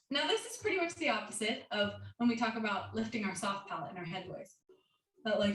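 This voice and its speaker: A woman's voice: on the high side, very animated, a little fast, a bit bright. A woman guest voice coach teaching an online singing lesson in an upbeat way, demonstrating odd sounds. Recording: roomy, distant mic with faint noise.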